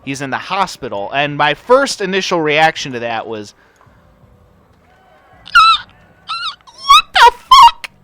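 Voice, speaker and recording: A young man chats casually over his gameplay, telling a long story with constant swearing and lots of filler. His voice sits a little high and sounds bright. It leaps up and down as he gets worked up. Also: normal speed, few pauses. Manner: profane, rambling, animated storytelling. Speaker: gaming channel host.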